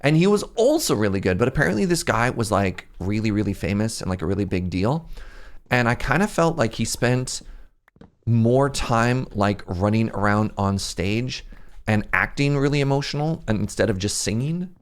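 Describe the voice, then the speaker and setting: Streaming a game, a young Canadian man rambles in casual chat and laughs at himself often. He has a lowish voice, lively intonation, and normal speed.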